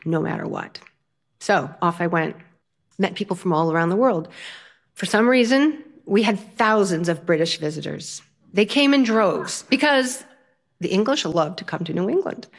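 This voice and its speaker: Older woman telling a humorous story. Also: medium pitch. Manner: lively, humorous, self-mocking. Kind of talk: stage storytelling.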